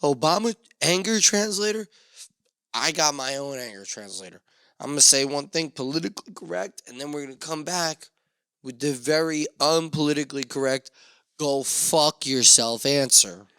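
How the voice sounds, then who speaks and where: A man hosting a solo podcast, rambling and swearing through self-mocking rants with sudden loud outbursts into a studio mic. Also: fairly high pitch, a little fast, clean tone, no room sound. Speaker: podcast host.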